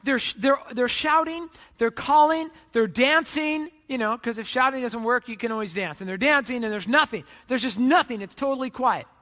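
A man preaching a sermon, retelling a story with lively, acted-out quotes and sarcastic asides. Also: very high voice, normal speed, hardly any pauses, big-room sound. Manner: animated storytelling, acts out voices. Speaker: pastor.

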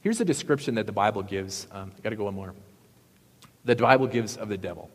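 Brief: man preacher, conversational sermon, lowish voice, echoey hall sound. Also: quick pace. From Wisconsin, US. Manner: conversational storytelling, asks the audience questions. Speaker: pastor.

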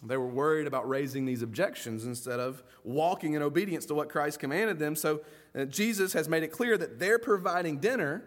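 His sermon comes across as spirited and homespun, with the pastor regularly impersonating figures from his tale. The man's pitch runs on the high side, and he talks a little fast.

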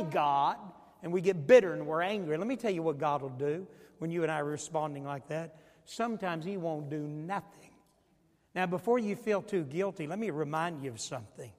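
A man's voice: fairly high pitch, a little mellow, in a large hall. A male pastor preaching a sermon, emphatic and asking the congregation questions. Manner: emphatic, call-and-response questions.

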